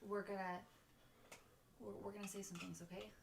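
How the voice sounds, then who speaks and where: A woman player in a tabletop game, describing her character's actions with hesitant pauses. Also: medium pitch, level tone, creaky, reverberant, noisy background. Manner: hesitant, many ums.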